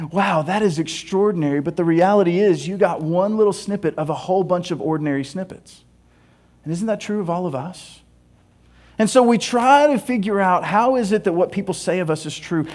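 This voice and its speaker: A man preaching a sermon, telling stories with animated humor and playful asides. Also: sits high. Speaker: pastor.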